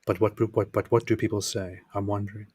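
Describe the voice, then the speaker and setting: A man with a fairly low voice co-hosts a casual reaction talk, thinking aloud and working through hypothetical questions. His voice is close and dry, with no room echo. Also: level tone, fast, darkish tone, husky. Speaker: co-host.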